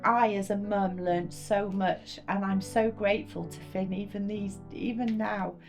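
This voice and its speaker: A woman's voice: medium pitch, fairly even intonation, measured pace, faint music behind. Earnest mother reflecting in an interview. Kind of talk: documentary interview.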